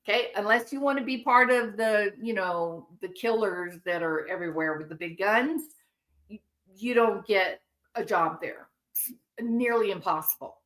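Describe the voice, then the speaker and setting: Woman commentary host, mid-pitched voice, indignant, emphatic delivery with rhetorical asides. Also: moderate pace, a bit bright. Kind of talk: opinionated commentary.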